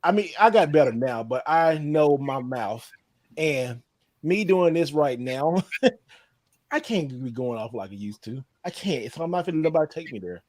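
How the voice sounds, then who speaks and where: A man hosting a casual gaming podcast, animated and laughing often as he reads out viewer comments. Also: on the high side, moderate pace, no echo. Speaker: podcast host. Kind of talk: casual chat.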